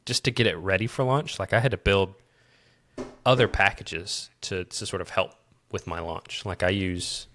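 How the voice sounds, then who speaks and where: This developer, who co-hosts a casual tech podcast, explains his project with a Midwestern accent, rambling and frequently restarting. His voice sits low and steady, fairly bright in tone, at a moderate pace.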